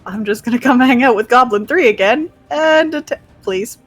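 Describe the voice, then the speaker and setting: A woman's voice: on the high side, expressive, normal speed, dry recording. Upbeat woman playing a tabletop game. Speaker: player. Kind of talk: casual tabletop play.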